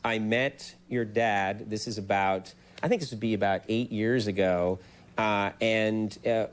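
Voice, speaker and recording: A man hosting a late-night talk show, telling stories in an animated, self-mocking way and laughing often. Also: fairly low pitch, a little slow, smooth.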